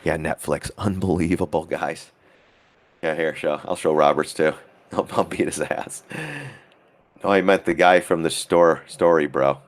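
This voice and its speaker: A man's voice: a bass voice, steady tone, a little slow. A man hosting a trading livestream in casual, rambling chat, heavy on filler words and repeats. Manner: acts out quoted voices, chuckles often. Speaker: stock trading livestream host.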